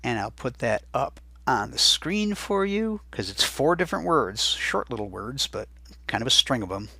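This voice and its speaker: Husky, bright-toned man teaching vocabulary. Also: mid-range voice, big pitch swings, no echo. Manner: chatty, repeats each word slowly for dictation. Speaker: Spanish teacher. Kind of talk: recorded vocabulary lesson.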